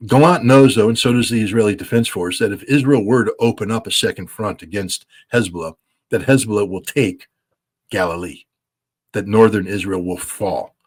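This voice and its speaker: A man's voice: lowish voice, normal speed. A man giving blunt, emphatic interview commentary as a military analyst, repeating his points for stress. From United States.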